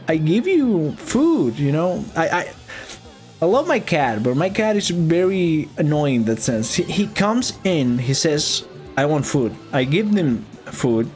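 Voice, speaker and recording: A man chatting loosely while playing a game, swearing freely, stumbling over words and laughing often. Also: mid-range voice. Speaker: gaming vlogger reviewing a movie. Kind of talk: casual rambling commentary while gaming.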